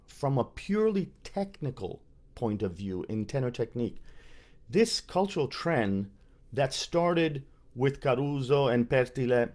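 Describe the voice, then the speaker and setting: A man giving a webinar lecture as a voice teacher, in a measured and emphatic teaching delivery. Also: a little mellow. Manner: demonstrates by speaking and singing on higher pitches.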